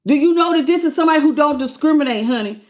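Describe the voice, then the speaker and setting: A woman's voice: high voice, very fast. A woman giving a live tarot reading, talking bluntly and sassily and calling her viewers baby and honey. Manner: greets live chat viewers by name. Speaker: tarot reader.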